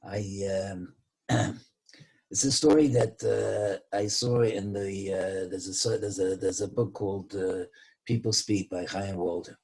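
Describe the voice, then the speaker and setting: A man telling a moral story to a gathering, halting with many restarts and acting out the quoted voices. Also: deep voice, steady tone, vocal fry, a little mellow, husky. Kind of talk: storytelling talk.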